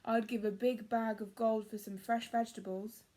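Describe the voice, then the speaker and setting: A woman voicing a loud, booming male giant in a children's story, chanting his lines. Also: flat delivery, moderate pace, close to an everyday voice. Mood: gruff.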